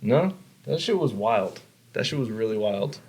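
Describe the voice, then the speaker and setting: A young man hosting a podcast, telling a story in casual chat, animated, repeating himself and swearing. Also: lowish voice, moderate pace, a little hiss or hum, poor audio. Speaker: podcast host.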